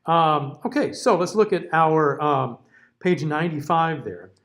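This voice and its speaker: A middle-aged man teaching a singers' diction class. He reads out word lists slowly and keeps checking in with "okay?" and "all right?". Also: a little high, lively intonation, a bit bright. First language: English. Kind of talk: classroom lecture.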